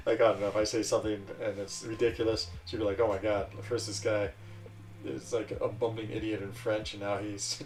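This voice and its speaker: A male livestream host rambles through casual, chatty stream talk, laughing often. His voice is on the low side and a little mellow, picked up by a distant mic.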